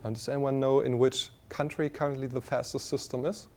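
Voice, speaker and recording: German lecturer with a mellow voice. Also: male voice, mid-range voice, flat delivery. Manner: halting, many fillers and restarts, asks the class questions. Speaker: university lecturer. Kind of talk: classroom lecture.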